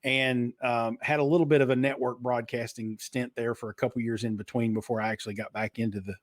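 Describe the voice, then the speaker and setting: A man in his fifties with a slight Eastern Kentucky twang tells stories as a guest in a casual interview. His mid-range voice is flat and brisk, fluent and practiced like a trained broadcaster's, and the recording is dry and close.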